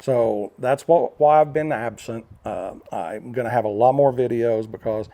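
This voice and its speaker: Older man from the US, casual talking-head vlog, rambling storyteller, warm mellow tone. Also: medium pitch, a little slow. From United States. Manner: rambling storytelling with fillers and restarts. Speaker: vlogger.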